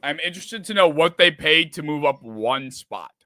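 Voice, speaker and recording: A man's voice: a little high, expressive, moderate pace, pushed and bright, no room sound, clean studio sound. A man hosting a live sports reaction stream, rambling and swearing in frustration. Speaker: streamer host.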